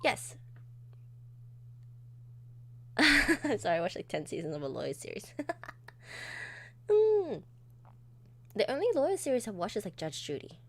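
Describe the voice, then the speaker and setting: A woman's voice: fairly low pitch, big pitch swings, very fast, creaky, a little mellow. A young woman streamer chatting while playing a game, giggly and self-deprecating, often tripping over words. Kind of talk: live game commentary.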